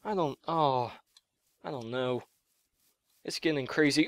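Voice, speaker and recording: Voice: medium pitch, takes it slowly, pauses often, darkish tone, smooth, no room sound. A gamer giving let's play commentary while thinking aloud, gasping and yelping whenever something surprising happens.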